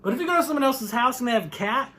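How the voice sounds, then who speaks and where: A man performing a stand-up set, animated, often laughing and acting out voices. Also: very high-pitched, rapid-fire. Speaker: stand-up comedian.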